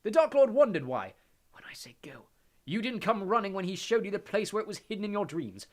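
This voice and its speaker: A man's voice: sits high, sing-song, a little fast, voice pushed up. A man doing sneering villain Lucius Malfoy. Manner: sneering, menacing, commanding. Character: sneering, cold aristocratic male villain.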